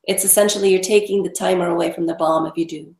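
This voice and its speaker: A woman's voice: lowish voice, fairly even intonation, fast, a little mellow. A woman dog trainer, a guest in an interview, explaining emphatically and repeating words for stress. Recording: echoey room.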